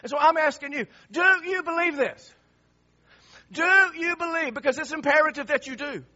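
A man's voice: very high-pitched, moderate pace, bright, forceful tone, highs cut off. A male pastor preaching a sermon with emphasis, asking the congregation the same question again and again.

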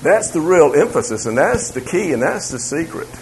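A man's voice: fairly high pitch, sing-song, normal speed, slight background noise, rough recording. A man teaching a church Bible class about raising children. He talks conversationally, repeats his phrases and makes asides to the room.

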